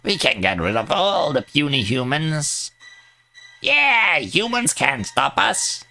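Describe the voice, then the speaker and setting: A man voicing a band of brash, excitable oni underlings who cheer for battle. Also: medium pitch, unhurried, voice pushed up, exaggerated voice. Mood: rowdy. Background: faint background music.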